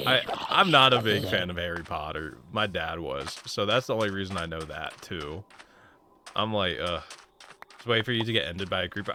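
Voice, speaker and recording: Low-voiced guy gaming on stream, chatty and rambling, a touch sore, with hiss behind. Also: bright, forceful tone. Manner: rambling, chatty, talks to chat. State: slightly sore voice. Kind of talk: casual live-stream chat while gaming.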